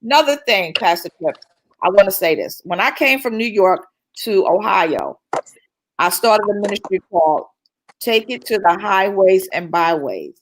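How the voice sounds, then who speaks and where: A woman's voice: mid-range voice, animated, moderate pace, a little hiss or hum, low-quality recording. A woman minister speaking fervently in a church-style talk, repeating phrases for emphasis.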